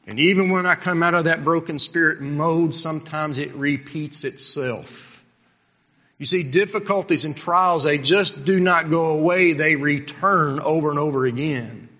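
Middle-aged man, pastor preaching, fervent and swinging loud to hushed, dull echoey hall sound. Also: on the high side, moderate pace. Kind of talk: sermon.

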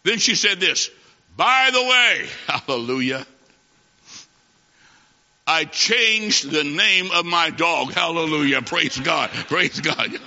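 A man's voice: a little high, takes it slowly, bright, forceful tone. A man preaching a revival sermon, telling a story and then calling on his congregation with emphatic, repeating phrases. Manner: emphatic, repetitive, calls to congregation. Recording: dull audio with long hall reverb.

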